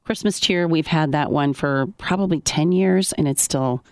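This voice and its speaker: Low-voiced woman business guest. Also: moderate pace, no room sound, studio quality. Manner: warm, chatty, explains in long runs. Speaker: coffee shop owner, guest. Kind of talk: casual radio chat. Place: radio studio.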